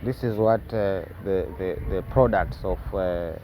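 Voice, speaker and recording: A man reading news reports aloud and breaking in with sarcastic commentary, halting often and tagging lines with questions. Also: sits low, dark tone, a little hiss or hum, poor audio. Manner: halting, with many fillers and restarts.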